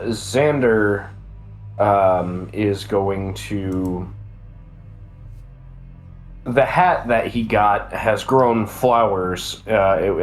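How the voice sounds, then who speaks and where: A man describes his character's actions during a tabletop game, pausing often on fillers. He talks very slowly in a low voice. Faint music plays underneath. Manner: halting, hesitant with many fillers. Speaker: player.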